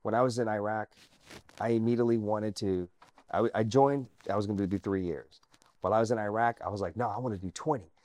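A man with a low voice recounts his story as an interview guest, earnest and animated, sometimes sinking almost to a whisper. The sound is dry and close, with no room echo. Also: fairly quick. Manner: earnest, animated, drops to near-whisper at emotional points. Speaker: guest, army veteran.

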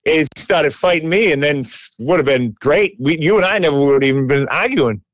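A man's voice: a little high, lively intonation, brisk, no room sound. A man co-hosting a podcast, chiming in with profane jokes and laughing along in casual banter. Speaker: podcast co-host.

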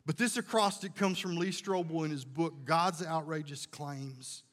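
A man's voice: on the high side, moderate pace, a bit bright. Folksy preaching man in a reverberant hall. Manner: folksy storytelling, conversational with restarts. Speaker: pastor. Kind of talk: sermon.

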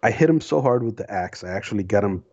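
A man calmly plays his turns in a tabletop game, stating his rolls matter-of-factly. His voice is low and husky. The recording sounds dull and lo-fi. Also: fast. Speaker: player. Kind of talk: casual tabletop play.

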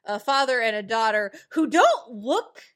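A young woman co-hosting a podcast, recapping a TV episode in a relaxed, hesitant way with many fillers. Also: fairly high pitch, measured pace. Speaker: podcast co-host. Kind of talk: casual chat recapping a TV episode.

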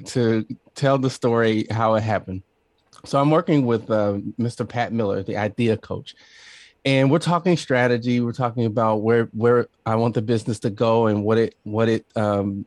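A man's voice: medium pitch, normal speed, no room sound. A middle-aged man spins stories with gusto, laughing along the way. His voice sits in a middle register and sounds dry and close, as if in a treated studio. He tells them like an easygoing podcast guest. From Southern Illinois, USA. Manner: animated storyteller, laughs often, acts out quoted voices. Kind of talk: casual storytelling interview.

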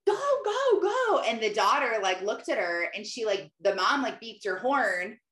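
A woman hosting a casual mindset podcast, telling stories in a chatty, animated way full of filler words. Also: mid-range voice, normal speed. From Michigan, United States. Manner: chatty, lots of "like", animated storytelling. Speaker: podcast host. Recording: roomy echo with faint music.

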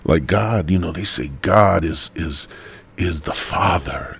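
A man's voice: low voice, takes it slowly, vocal fry, fairly bright tone, husky. A man hosting a rambling solo podcast, profane and stoned, talking through a stuffy nose. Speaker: podcast host.

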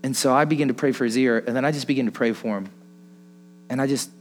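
A man preaches a sermon in a chatty, storytelling style, chuckling through anecdotes and posing rhetorical questions. His mid-range voice moves at a quick pace, with a little hiss or hum in the recording.

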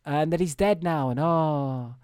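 A man's voice: a little high, unhurried, a little mellow, clean tone, dry recording, studio quality. Rambling man recapping a movie. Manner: rambling, filler-heavy, acts out quotes. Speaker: podcast co-host. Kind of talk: casual movie recap chat. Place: home room. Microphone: video call.

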